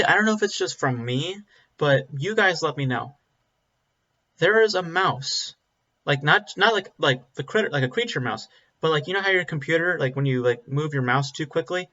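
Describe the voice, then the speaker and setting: A man's voice: high-pitched, lively intonation, moderate pace, pushed and bright. Blunt rambling man reviewing a film. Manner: blunt, rambling, frequent ums and restarts. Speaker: movie reviewer. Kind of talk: casual spoken film review. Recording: slightly dull lo-fi audio.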